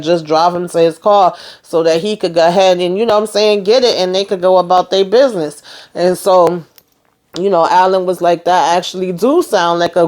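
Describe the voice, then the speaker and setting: Woman chatting through a show recap, quotes everybody, lots of you know and um. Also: lowish voice. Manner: animated retelling, quoting characters, many fillers. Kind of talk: casual chat recap.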